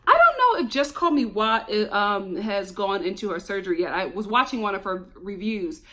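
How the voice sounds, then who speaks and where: A woman giving a casual, animated commentary review of a reality show, chatting straight to her viewers. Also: mid-range voice, moderate pace. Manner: animated, chatty, exclamatory, addresses viewers as y'all.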